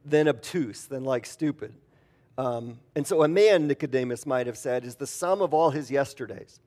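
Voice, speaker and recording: A man preaching in a relaxed, conversational way, with many fillers and acted-out quotes. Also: mid-range voice, normal speed. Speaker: pastor. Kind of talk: sermon.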